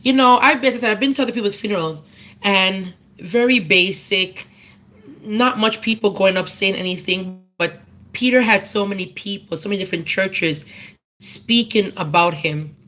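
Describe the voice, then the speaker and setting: A woman's voice: mid-range voice, normal speed, sharp tone, poor audio. Earnest woman giving a tribute. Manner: conversational storytelling, earnest appeals. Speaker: speaker at a memorial service. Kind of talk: personal tribute speech.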